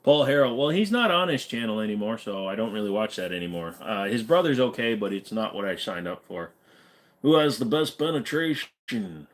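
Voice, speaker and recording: A man's voice: lowish voice, animated, a little fast, hardly any pauses, a bit bright. A man hosting a casual livestream, reading chat and rambling with jokes and fillers. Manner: rambling and joking, many fillers. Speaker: livestream host.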